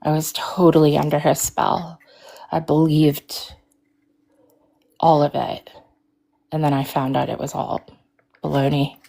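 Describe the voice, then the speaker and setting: A woman speaks over a video call in a low, flat voice with a gravelly edge. She talks haltingly, with many restarts and fillers. She sounds close to tears as she tries to hold herself together. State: tearful, fighting emotion. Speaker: caller sharing her story. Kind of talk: emotional personal account on a livestream.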